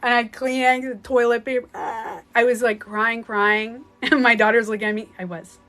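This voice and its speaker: Woman life coach chatting live on her phone at home, earnest, rambly, quick laughs, faint music behind. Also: fairly high pitch, steady tone, a bit bright. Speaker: spiritual life coach on a livestream. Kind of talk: casual livestream chat.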